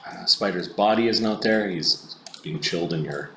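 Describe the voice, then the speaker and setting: A man's voice: sits low, moderate pace, a bit bright, a little hiss or hum. A man running a tabletop game as game master, describing scenes in a loose, filler-heavy way. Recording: echoey room recording.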